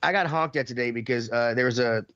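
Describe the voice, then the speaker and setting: A man's voice: medium pitch, quick pace, clear, resonant tone, lo-fi sound. A man hosting a casual podcast, ranting and swearing about other drivers in an offhand way. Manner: ranting, swearing, acts out voices loudly. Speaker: podcast host. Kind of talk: casual profane chat.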